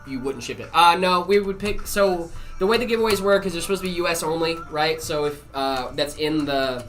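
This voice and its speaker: Relaxed, filler-heavy male stream host. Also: a little high, brisk, soft background music. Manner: relaxed, full of "uh" and "um" fillers, jokey. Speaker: stream host answering viewer questions. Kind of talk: casual live-stream chat.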